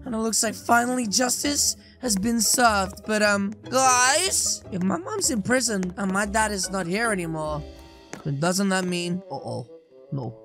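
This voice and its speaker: A woman hosting game role-play commentary, dramatic and excitable, talking straight to viewers. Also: mid-range voice, measured pace, faint music behind. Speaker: host.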